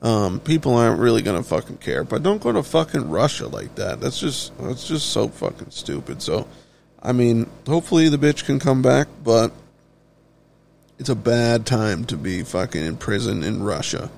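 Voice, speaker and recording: A man's voice: medium pitch, sing-song, normal speed, gravelly, a little mellow, slight background noise. A man giving a casual, blunt ranting monologue, swearing freely and talking offhand as a solo show host. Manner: blunt, heavily profane, offhand.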